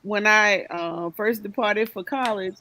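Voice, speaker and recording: A woman in a casual chat, quick and teasing. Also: medium pitch, pushed and bright.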